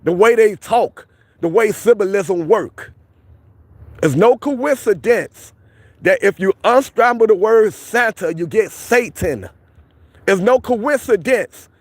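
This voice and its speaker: A man's voice: sits high, dry recording. A man, livestreaming outdoors and arguing insistently with his viewers, repeating his points. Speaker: livestream host. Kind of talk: street livestream arguing with chat. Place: outdoors by a police station.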